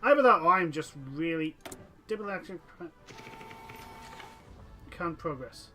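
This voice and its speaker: A man's voice: fairly high pitch, animated, measured pace, pushed and bright, faint music behind. A man commentating a strategy game let's play, talking to his units and to the nations in the game and getting exasperated with them. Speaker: gameplay commentator.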